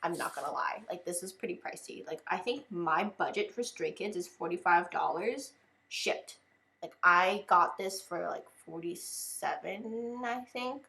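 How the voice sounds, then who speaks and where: A woman's voice: fairly low pitch, unhurried, creaky, bright, forceful tone. A young woman vlogging in a casual unboxing chat, talking loosely and filling nearly every phrase with "like". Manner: chatty, fills with "like" constantly.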